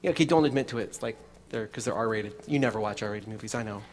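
A man's voice: fairly low pitch, fast, in a large hall. A man preaching a sermon in a chatty way, with many restarts and asides to the congregation. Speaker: pastor.

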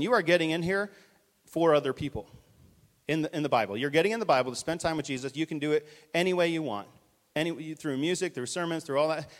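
A man preaching a conversational, urgent sermon, directing volunteers on stage. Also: a little high. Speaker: pastor. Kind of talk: live sermon with stage illustration. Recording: reverberant church hall.

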